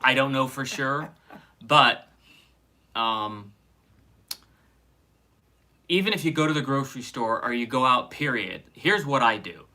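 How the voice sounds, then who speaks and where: Male co-host from California, casual rambling delivery, very bright tone, home studio. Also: mid-range voice, expressive. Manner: rambling, halting with many fillers and restarts. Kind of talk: casual livestream chat.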